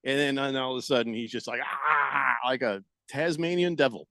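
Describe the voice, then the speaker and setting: A man hosting a radio talk show, out of breath, telling a story in a lively way and laughing often, in a studio. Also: mid-range voice, quick pace, clear, resonant tone, dry recording. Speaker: radio sports talk host. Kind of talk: casual radio chat. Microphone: studio microphone.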